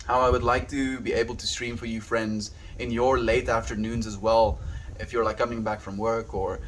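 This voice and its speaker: A man's voice: medium pitch, flat delivery, moderate pace, a little hiss or hum. A man chatting casually on his daily livestream, rambling loosely and thanking viewers by name.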